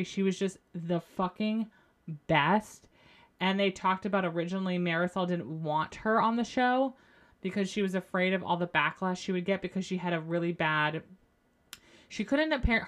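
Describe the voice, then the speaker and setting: A young woman hosting a solo podcast, chatting casually about reality TV. She gushes over favorites and swears freely as she recaps, in a slightly low voice. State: going through postpartum depression. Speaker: podcast host.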